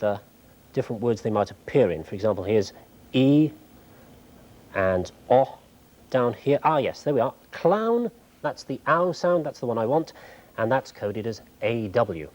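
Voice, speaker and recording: A man presenting a TV show, explaining technology clearly with a light humorous touch in a studio. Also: mid-range voice, poor audio.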